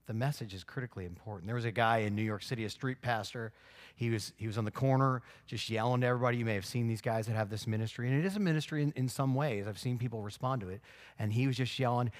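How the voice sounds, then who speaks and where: Animated male pastor preaching a sermon. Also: mid-range voice, quick pace. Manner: animated storytelling, shifts from loud exclamations to quiet earnest emphasis.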